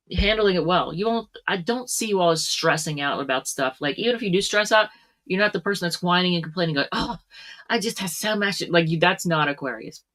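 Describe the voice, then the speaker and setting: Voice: mid-range voice, bright, forceful tone. A tarot reader giving a casual reading to camera, chatty, with frequent laughs and plenty of fillers.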